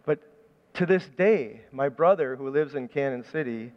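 A man's voice: medium pitch, expressive, normal speed, long reverb tail, dull audio. A man preaching a sermon in a conversational, storytelling way, often restarting his phrases. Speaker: pastor.

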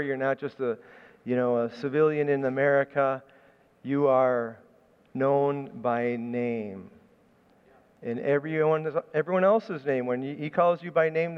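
A man's voice: medium pitch, smooth. Man, pastor, sermon, conversational storytelling, long hall reverb, dull muffled sound. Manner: conversational storytelling with repeated restarts.

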